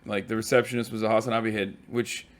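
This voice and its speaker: A tired man streaming from a hotel room, telling stories in a casual, profane, animated way. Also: lowish voice, fast. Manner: profane, animated storytelling with mock quotes.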